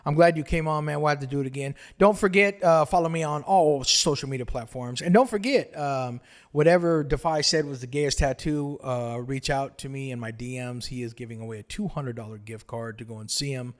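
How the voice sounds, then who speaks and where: A man hosting a podcast, telling a story in a casual chat, animated and swearing constantly as he acts it out. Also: mid-range voice, a little fast. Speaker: podcast host.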